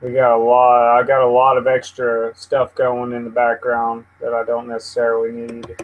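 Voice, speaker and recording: Hosting a casual news livestream, this man rambles and curses at his computer, quick to get annoyed. He speaks at a normal pace in a medium-pitched, completely flat voice, with phone-quality sound.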